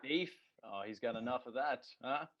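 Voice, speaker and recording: A man co-hosting a casual podcast, rambling along with jokes and a steady stream of swearing. His voice sits at an ordinary middle pitch. The recording sounds dull and lo-fi. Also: normal speed. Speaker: podcast co-host. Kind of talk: casual chat.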